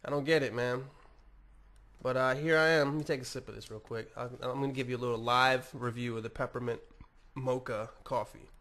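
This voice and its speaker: In a medium-pitched, fairly bright voice with fairly even intonation, an American man hosts a podcast at a slightly fast clip. His monologue is casual and full of swearing, with plenty of self-mockery as he rambles.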